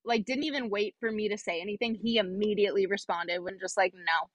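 A woman's voice: medium pitch, fast, no room sound, dull audio. A young adult woman, a podcast guest, telling a workplace story in casual chat, acting out quoted dialogue with lots of fillers. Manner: animated, acts out quoted dialogue, many fillers.

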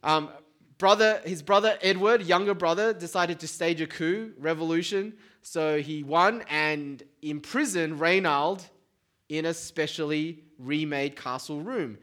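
A man preaching a sermon in a relaxed, conversational way, often checking in with the congregation. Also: fairly high pitch, unhurried. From Australia. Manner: informal, keeps checking in with "right?".

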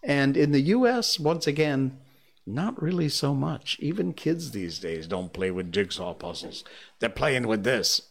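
A man's voice: mid-range voice, lively intonation, measured pace, creaky. A man from Connecticut hosting a casual solo talk show, chatty and rambling with frequent asides. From Connecticut, United States. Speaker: show host. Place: living in Malaysia.

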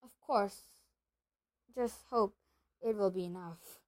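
A woman reading a storybook aloud and voicing a bossy, self-assured young schoolgirl who talks quickly and proudly. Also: medium pitch, natural voice, poor audio. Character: bossy know-it-all schoolgirl, brisk and proud.

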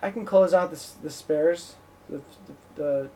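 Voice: medium pitch, measured pace, mellow. Host, giggly rambler, casual comedy chat, distant mic with faint background noise. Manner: giggly, rambling, trails off mid-thought. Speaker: podcast host.

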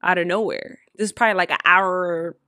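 A woman co-hosting a podcast, telling a story in a casual, animated and profane way, with acted-out quotes. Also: fairly low pitch, a little fast, dry recording, clean studio sound. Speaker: podcast co-host.

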